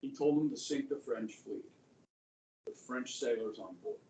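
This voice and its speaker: A man's voice: mid-range voice, unhurried, mellow, far from the mic, slight background noise. A male history teacher lecturing a class in a casual, conversational way, often checking in with "okay" and "guys". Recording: echoey classroom, voice from afar.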